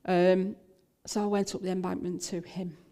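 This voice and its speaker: A woman's voice: lowish voice, level tone, normal speed, dark tone. An older woman minister, telling a personal story in a talk, with frequent fillers and restarts.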